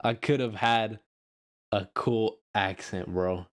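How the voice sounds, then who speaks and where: Young man, californian accent, casual group chat, rambling, swears a lot. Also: on the low side. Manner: rambling, swearing, drawn-out phrases.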